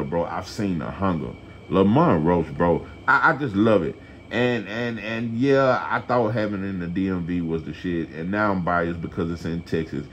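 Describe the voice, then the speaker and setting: Blunt, profane low-voiced man ranting. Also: slight background noise. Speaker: boxing commentator. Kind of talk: casual opinion rant to camera.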